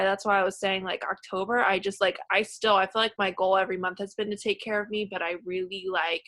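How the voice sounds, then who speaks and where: Bright, dry-voiced woman leading a group call. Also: fairly low pitch, no room sound. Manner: gushing, filler-heavy, emotional. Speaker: team leader hosting a group call. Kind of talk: casual supportive group chat.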